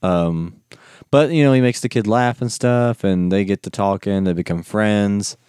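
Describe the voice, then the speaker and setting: A young man casually recapping a movie with a friend, telling it in an animated, jokey way. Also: lowish voice, moderate pace, smooth, no echo, clean studio sound.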